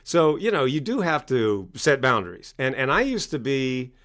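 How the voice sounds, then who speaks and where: Male speaker and coach, animated storyteller, mid-pitched voice, chatty interview answer. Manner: animated storytelling, acts out quoted parents loudly.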